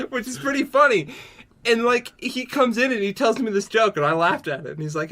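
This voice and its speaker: A man co-hosting a podcast, telling stories in a relaxed casual chat that often trails off low. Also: a little fast. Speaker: podcast co-host.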